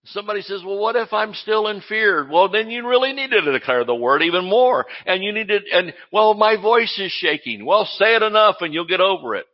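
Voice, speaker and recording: A male pastor preaching a sermon in an animated, exclamatory way, often laughing as he speaks. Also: high voice, fairly quick, few pauses, lo-fi sound.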